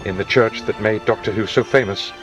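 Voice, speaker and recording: A man's voice: lowish voice, fairly even intonation, a little fast. A man in his sixties giving an enthusiastic, sentimental guided video tour outdoors in a village churchyard. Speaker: actor giving a location tour. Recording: distant mic with music behind.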